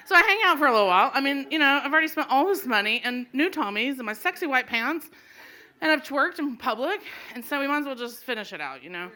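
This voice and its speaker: Woman storyteller, middle-aged, live comedy set; bright tone, slightly high voice, animated and laughing. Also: quick pace, a little hiss or hum. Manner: animated, laughing as she tells it. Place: live stage before an audience.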